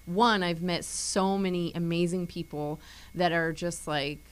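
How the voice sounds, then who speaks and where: Low-voiced woman, chatty guest. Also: fairly even intonation, unhurried, clear, resonant tone, low-quality recording. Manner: chatty, lots of "like" fillers. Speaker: martial arts instructor. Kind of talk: casual chat.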